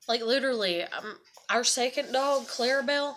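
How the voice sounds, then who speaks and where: A woman's voice: a little high, moderate pace, bright, forceful tone, a little hiss or hum. A young woman, venting about her life in a casual vlog, profane and rambling. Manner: frustrated, profane, rambling storytelling. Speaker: vlogger.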